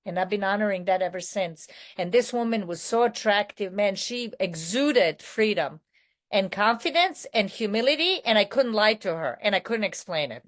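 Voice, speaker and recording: A woman's voice: medium pitch, animated, normal speed. A woman with a non-American accent, raised in New York City, giving a candid personal share at a recovery meeting, rambling and correcting herself with many fillers.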